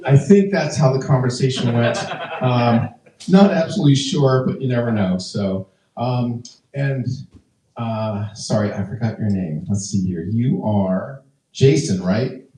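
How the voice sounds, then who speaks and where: A man's voice: mid-range voice, measured pace, mellow. A man in his fifties telling stand-up stories in a chatty, rambling way, full of fillers and restarts. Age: 50s. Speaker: stand-up comedian. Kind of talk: stand-up storytelling. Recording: echoey room, voice from a distance.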